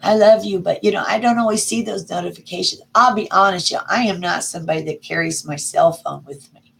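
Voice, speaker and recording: A middle-aged woman, chatting casually on a livestream and greeting viewers by name with folksy warmth. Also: on the low side, a little fast, creaky. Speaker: livestream host. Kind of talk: casual live chat reading viewer comments.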